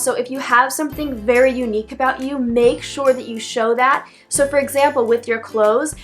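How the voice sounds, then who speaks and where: A woman's voice: on the high side, a bit bright. A teenage girl talking through an advice vlog in a chatty, rambling way, full of "like" and self-corrections. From Philadelphia area, USA. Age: teens. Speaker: vlogger.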